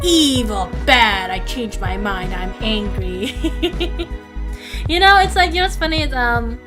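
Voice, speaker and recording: A young woman streamer chatting casually and rambling with fillers and giggles. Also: a little high. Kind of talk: casual livestream chat.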